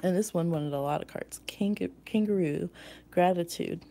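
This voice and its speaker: A woman's voice: on the low side, moderate pace, dark tone. A woman giving a pick-a-card tarot reading in a rambling, intuitive way, with many fillers.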